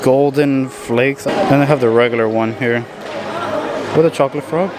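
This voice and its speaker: A man filming a casual vlog as he tours a film studio, chatty and excited. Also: mid-range voice, moderate pace. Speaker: vlogger. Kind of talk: casual vlog tour commentary. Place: studio tour, in and out of doors.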